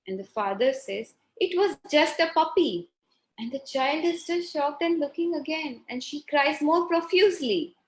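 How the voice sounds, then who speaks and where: A middle-aged woman leads a parenting workshop in a fairly high voice, turning to her listeners with questions. She acts out little exchanges between parent and child as she teaches. The sound carries the echo of a reverberant room. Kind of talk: live workshop lesson.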